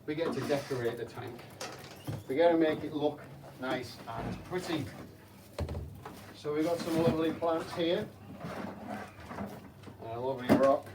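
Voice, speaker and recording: A man working as an aquarium technician, playfully explaining to children while he cleans a school tank, asking them questions along the way. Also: medium pitch. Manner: playful, chatty, asks the kids rhetorical questions. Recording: slightly distant mic with faint hum.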